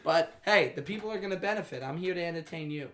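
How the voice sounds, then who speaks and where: A man's voice: a little high, fast talker. A man hosting a podcast in casual chat, joking and swearing freely. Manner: joking, profane, animated. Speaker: podcast host.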